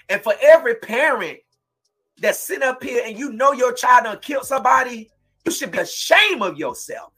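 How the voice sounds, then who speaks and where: A man hosting a true-crime podcast, giving impassioned commentary in a preachy way and breaking into shouts. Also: extremely high pitch, expressive, normal speed, slightly rough, faint music behind, low-quality recording. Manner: fiery, preachy, shouts in bursts. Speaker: podcast host.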